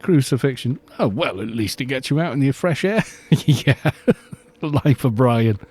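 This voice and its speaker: A man's voice: mid-range voice, lively intonation, a little slow, a little mellow, husky. A middle-aged man chatting casually and rambling on a live game stream, laughing often.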